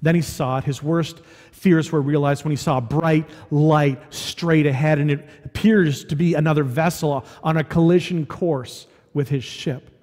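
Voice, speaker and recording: A male preacher gives a chatty sermon, asking his listeners questions as he goes. His voice sits high. A long reverb from the church hall trails behind him. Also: steady tone, normal speed, darkish tone. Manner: conversational, asking the audience questions.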